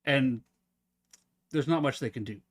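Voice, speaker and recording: A man streaming live, talking casually and at length with his viewers in a relaxed, rambling way. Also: mid-range voice, a little slow.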